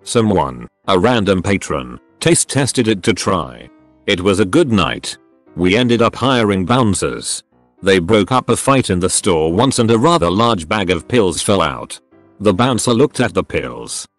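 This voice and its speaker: A man's voice: low-pitched, very animated, unhurried, dry recording. A man narrating online stories aloud in a plain storytelling delivery. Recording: dry close recording with faint background music.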